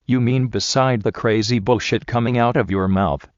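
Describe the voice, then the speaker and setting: A man's voice: mid-range voice, moderate pace, dry recording, highs cut off, lightly acted. A man voicing a determined male police detective who talks in a blunt, terse way.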